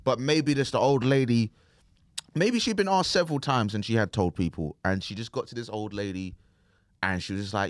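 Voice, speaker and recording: A man's voice: mid-range voice, fairly quick, no room sound, studio quality. A man co-hosting a podcast, rambling through casual chat with slang and restarts. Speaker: podcast co-host.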